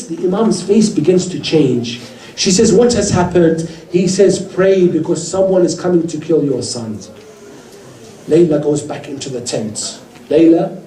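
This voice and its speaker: Man, emotional sermon storytelling, mellow tone, echoing room. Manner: dramatic, rising in pitch at cries and pleas. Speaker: speaker at a Muharram gathering. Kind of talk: emotional religious recital of a martyrdom narrative. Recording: roomy, distant hall mic.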